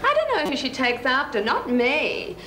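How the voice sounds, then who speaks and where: A woman's voice: high voice, sing-song, moderate pace, bright, forceful tone, roomy sound, exaggerated voice, rough recording. Di, posh snobbish lady. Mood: gossipy. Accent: posh Australian. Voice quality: affected, plummy. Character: snobbish wealthy middle-aged woman, political conservative. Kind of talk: TV sketch comedy.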